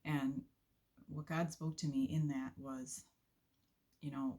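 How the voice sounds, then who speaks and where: A woman giving an earnest, unhurried devotional talk with soft laughs, sharing a faith testimony from her volunteer work. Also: extremely low pitch, little pitch movement.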